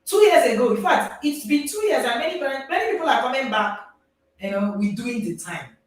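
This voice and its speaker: A woman with a Nigerian accent, a parenting coach speaking to a live audience in an animated way, often laughing and checking in with listeners. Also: high-pitched, a little fast. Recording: very echoey, distant mic.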